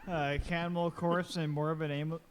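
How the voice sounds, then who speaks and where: A man's voice: on the high side, flat delivery, normal speed, crowd noise. A man giving a casual news rundown on a podcast, hesitant with many fillers. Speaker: news segment reader.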